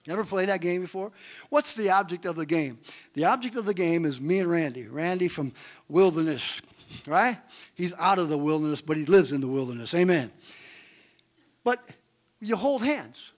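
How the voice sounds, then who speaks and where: A man's voice: high voice, moderate pace. A male pastor preaching a sermon, telling stories and asking the congregation questions. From Great Lakes region of the US. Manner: animated storytelling preacher, asks the congregation questions. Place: church.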